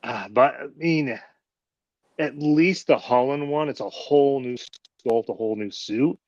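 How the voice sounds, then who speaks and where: A man's voice: medium pitch, unhurried, a little mellow, no room sound. A man hosts a loose, casual chat, rambling through his thoughts and swearing freely. His voice sits in the middle range. The audio is dry and a little dull and lo-fi. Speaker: host.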